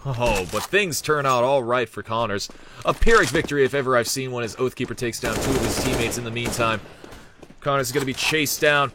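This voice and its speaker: A man giving live play-by-play esports commentary, energetic, joking and off-the-cuff. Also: mid-range voice, moderate pace, background noise.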